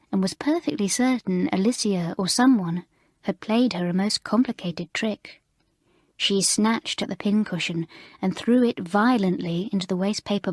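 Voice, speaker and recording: Woman narrating a storybook, breathy tone. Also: medium pitch, no echo, clean studio sound. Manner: expressive, measured. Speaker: audiobook reader.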